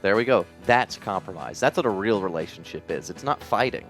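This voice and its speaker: Animated swearing stream host man. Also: on the low side, fairly quick, soft background music. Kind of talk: casual chat.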